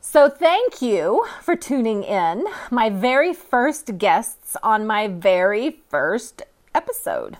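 A woman in her fifties from California talks straight to her listeners as host of her own podcast. Her voice sits slightly high for a woman, and she is bubbly and candid, poking fun at herself. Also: very animated, slow pace. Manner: bubbly, candid and self-deprecating. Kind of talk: upbeat solo podcast monologue.

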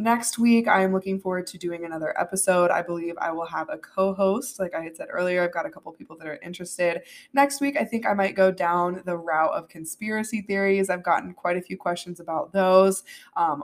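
Earnest, animated woman podcast host. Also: lowish voice. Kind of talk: solo podcast talk.

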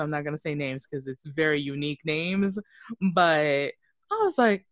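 A woman's voice: deep voice, expressive, moderate pace, dry recording. A woman co-hosting a casual podcast, rambling with lots of filler words. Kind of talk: casual chat.

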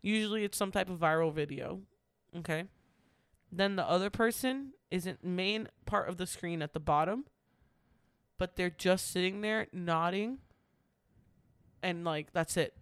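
A woman's voice: fairly low pitch, unhurried, long pauses, clean tone, no echo, studio quality. A young woman in casual chat, explaining at length and laughing often.

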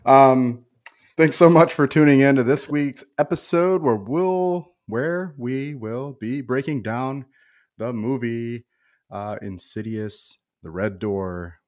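A man's voice: medium pitch, slow pace, a little mellow. A man hosting a horror movie podcast in a laid-back, casual way, full of fillers and calling people dude. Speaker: podcast host.

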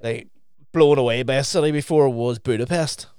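A young man in a loose, laughing, foul-mouthed chat. His voice is smooth and clean-toned, and it sounds close and dry with no room around it. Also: medium pitch, moderate pace, no room sound. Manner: swearing, lively anecdote-telling, laughs mid-story. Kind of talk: casual chat.

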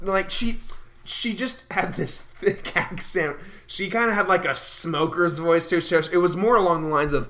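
A man's voice: a little high, normal speed, a bit bright. A young man in his early twenties hosting a podcast, ranting animatedly in a casual monologue and laughing often. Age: early 20s. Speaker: podcast host.

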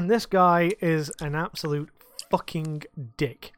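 A man's voice: fairly high pitch, takes it slowly, fairly bright tone, smooth. A man co-hosting a casual podcast, telling rambling, sweary stories from his bar work. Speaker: podcast co-host; bar worker.

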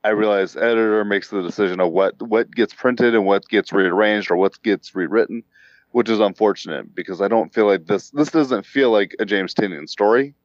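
A man's voice: on the low side, normal speed, dry recording, highs cut off. A man co-hosting a podcast, voicing frustrated criticism in casual chat. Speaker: podcast co-host. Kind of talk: casual comic book chat.

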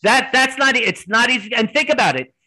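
A man being interviewed on a podcast, telling his stories animatedly in quick bursts with restarts. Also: very high-pitched, pushed and bright, rough recording. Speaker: podcast guest. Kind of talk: conversational interview storytelling.

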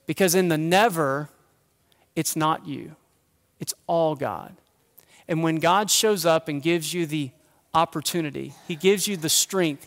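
A man delivers a Sunday sermon in a high, light voice. He talks casually and pokes fun at himself, then settles into a quiet, earnest tone. His voice rings out with a long church reverb. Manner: conversational, self-deprecating humor, drops to a quiet earnest tone. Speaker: pastor. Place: church sanctuary.

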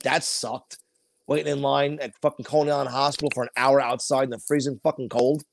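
A man's voice: mid-range voice, little pitch movement, a little fast, creaky, slight background noise. A man, co-hosting a podcast and telling rambling, profane stories in casual chat. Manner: rambling storytelling with heavy swearing. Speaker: podcast co-host.

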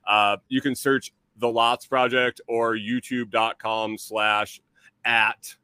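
A man's voice: medium pitch, level tone, slow, bright, forceful tone, clean tone, dry recording, rough recording. A man appearing as a guest on a podcast, chatting in a laid-back, rambling way with some swearing. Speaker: guest, full-time RVer channel creator. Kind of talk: casual conversation.

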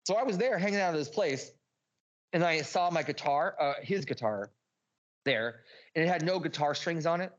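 A man's voice: fairly high pitch, expressive, normal speed, lo-fi sound. A man, a podcast guest, telling a rambling personal story, swearing freely and often restarting his sentences. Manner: profane, restless, restarts often.

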